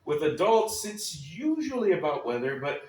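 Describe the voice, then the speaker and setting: A man's voice: a little high, very animated, normal speed, a little mellow. A man from Texas, reading a personal essay aloud at a live club night with a wry, sardonic delivery and dry asides. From Texas, United States. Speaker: spoken-word performer. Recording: echoey room, voice a little far from the mic.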